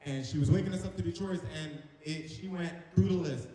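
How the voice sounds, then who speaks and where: Playful young stand-up in an echoing hall. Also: male voice, fairly high pitch, fairly quick, mellow, a little hiss or hum. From North Carolina. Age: young adult. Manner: playful, chatty, audience-teasing. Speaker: stand-up comic. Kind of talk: stand-up comedy. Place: large echoing hall on stage. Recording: echoey hall reverb.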